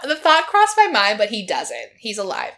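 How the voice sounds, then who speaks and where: A woman co-hosting a podcast recaps a reality show to a friend, chatting animatedly, laughing frequently, and quoting its people. She speaks at a moderate pace in a slightly high, sing-song voice with a fairly bright tone.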